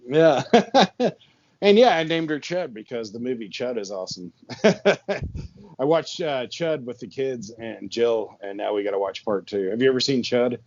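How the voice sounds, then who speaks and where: A man's voice: medium pitch, animated, unhurried, darkish tone. Casual guy rambling on his horror podcast, lots of ums and laughs, kinda muffled lo-fi sound. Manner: rambling, laid-back, lots of fillers and laughs. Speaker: podcast host. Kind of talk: casual chat. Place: his barn with the door open and a fan on.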